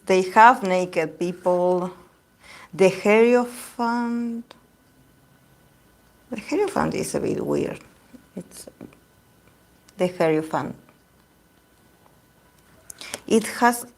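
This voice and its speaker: A woman whose first language is Spanish, giving a casual tarot reading to camera and often searching for words. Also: medium pitch. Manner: hesitant, searching for words, many fillers. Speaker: tarot reader.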